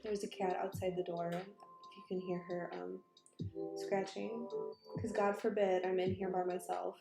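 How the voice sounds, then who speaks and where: Casual female streamer, mid-pitched, rambly, echoey room with music underneath. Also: flat delivery, normal speed, vocal fry. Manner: rambling, loses words, chats to viewers and cats. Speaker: makeup livestreamer. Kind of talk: casual livestream chat. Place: small room at home. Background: background music.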